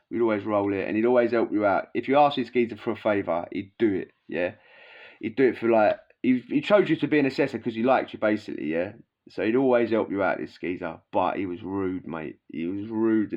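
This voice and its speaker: A man's voice: on the low side, lo-fi sound. A man telling stories casually in a rambling, slangy way, full of fillers and asides. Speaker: vlogger recounting prison life. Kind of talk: casual storytelling.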